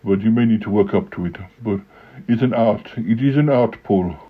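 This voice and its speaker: A man voicing a self-important, pie-eating male creature who calls himself a celebrity and rambles with many halting pauses. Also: fairly low pitch, steady tone, slightly rough, no room sound, narrow, tinny audio. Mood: boastful.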